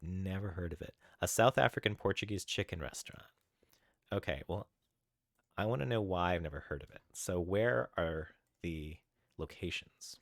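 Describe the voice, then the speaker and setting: Deep-voiced man chatting on stream. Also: moderate pace, gravelly, dry recording, studio quality. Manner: easily sidetracked, greets chatters by name; chatty, thinks aloud while searching. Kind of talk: casual live-stream chat while coding.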